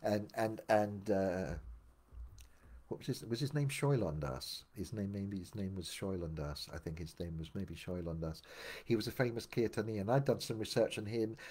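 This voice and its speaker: An older man telling his memoir aloud, meandering with many restarts and dropping quieter for asides. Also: normal speed. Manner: meandering, full of restarts, drops low for asides. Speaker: memoir narrator. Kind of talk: rambling spoken memoir storytelling.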